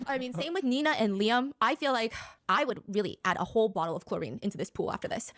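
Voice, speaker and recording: A woman races through a comedic recap of a dating show in a fairly high, bright-edged voice, cracking sassy jokes as she goes. The sound is close and dry, with hardly any room around her. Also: quick pace, no room sound. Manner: sassy, animated storytelling with jokes. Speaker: reaction show host.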